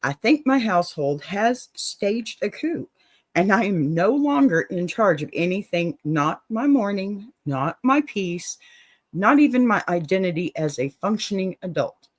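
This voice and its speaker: A woman's voice: mid-range voice, animated, moderate pace, dry recording. A woman hosting an advice show, reading a listener's letter aloud with playful drama and laughing asides.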